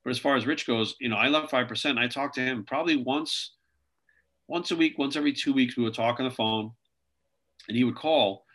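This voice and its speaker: A video creator tells stories in a casual interview, speaking fairly quickly in a medium-pitched, slightly bright voice. He rambles and keeps saying "like" and "you know."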